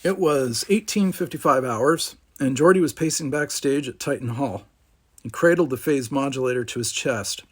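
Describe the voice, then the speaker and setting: A man narrating a storybook aloud, animated, giving each character its own voice. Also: mid-range voice, normal speed, slightly rough.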